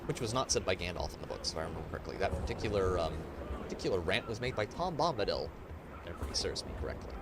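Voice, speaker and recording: A man's voice: sits low, sing-song, very fast, vocal fry. A man streaming a game, ranting and swearing in casual, profane commentary. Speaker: gaming streamer. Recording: noisy background.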